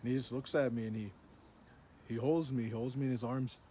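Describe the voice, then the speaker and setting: A man's voice: mid-range voice, steady tone, a little fast, mellow, a little hiss or hum. A man telling a story in casual speech to a phone, earnest, repeating his phrases and restarting sentences. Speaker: social media storyteller.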